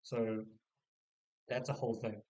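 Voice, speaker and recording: A man casually summarizing a novel, rambling with many filler words and restarts, sometimes putting on quick voices for the characters. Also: fairly low pitch, flat delivery, darkish tone, highs cut off. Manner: slips into short mock voices for the characters. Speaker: book reviewer. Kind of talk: casual spoken book summary.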